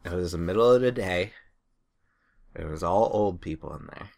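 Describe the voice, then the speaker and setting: A man's voice: deep voice, moderate pace, gravelly, a little mellow. A man co-hosting a podcast in casual chat, telling rambling anecdotes and laughing through them. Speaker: podcast co-host.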